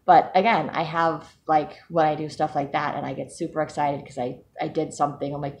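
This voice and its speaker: A woman's voice: low-pitched, flat delivery, a little fast, hardly any pauses, a little hiss or hum. A woman talking casually to camera in a personal vlog, chatty and self-mocking, laughing often. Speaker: vlogger.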